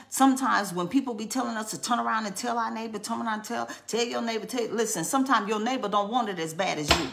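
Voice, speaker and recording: A woman's voice: medium pitch, vocal fry, a bit bright. A woman preaching a charismatic sermon, fervent and repetitive, breaking into tongues.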